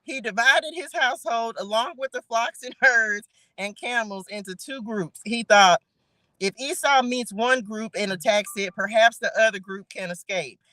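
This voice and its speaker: Bright, chatty woman leading Bible study. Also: on the high side, moderate pace, dry recording. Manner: chatty and playful, laughing, talking straight to viewers. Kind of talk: casual livestream Bible study, reading scripture aloud.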